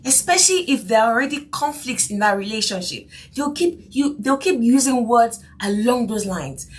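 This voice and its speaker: On a faith-based parenting podcast, the woman hosting speaks in a highish voice with lively intonation, at normal speed and with few pauses. She comes across as earnest, repeating key phrases and asking "do you see what I mean?"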